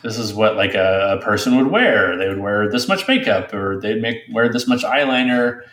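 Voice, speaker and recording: A man's voice: fairly low pitch, normal speed, a bit bright. A man co-hosting a movie podcast, reacting with unease in casual talk, sometimes hesitant. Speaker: podcast co-host. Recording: roomy echo.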